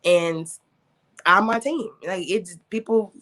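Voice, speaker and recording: A woman's voice: mid-range voice, takes it slowly, pushed and bright. A woman who owns a beauty studio, talking casually in an interview, with frequent fillers. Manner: chatty, frequent fillers, laughs easily. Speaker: beauty studio owner, guest.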